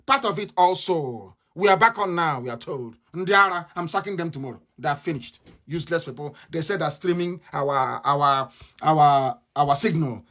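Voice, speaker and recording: A man's voice: on the high side, animated, normal speed, a bit bright. A man with a Nigerian accent giving a combative, mocking live radio address, repeating his points again and again. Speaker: radio broadcaster.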